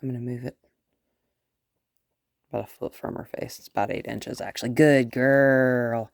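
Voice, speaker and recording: A woman dog trainer narrating a live training session, giving gentle, coaxing praise that often drops to a whisper. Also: very deep voice, slow pace.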